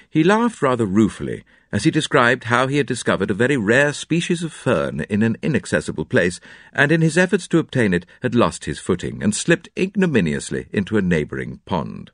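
A man narrating a classic detective novel in an expressive, dramatic storytelling manner. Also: fairly low pitch, brisk, dry recording, studio quality. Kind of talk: audiobook narration.

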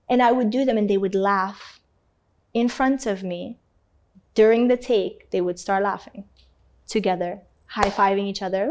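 A woman's voice: fairly high pitch, normal speed. A woman from Canada, a guest in an interview, telling a painful personal story with feeling, swearing casually and acting out the people she quotes. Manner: animated, acts out quoted voices, swears casually.

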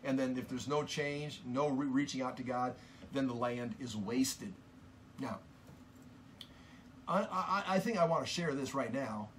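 A man teaching from the Bible in an earnest, impassioned sermon, often halting and restarting mid-sentence. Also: medium pitch, slight background noise.

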